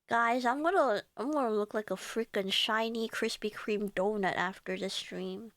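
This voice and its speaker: A woman's voice: on the high side, dry recording. A young woman streamer chatting casually with her live chat, giggling often and reading messages aloud.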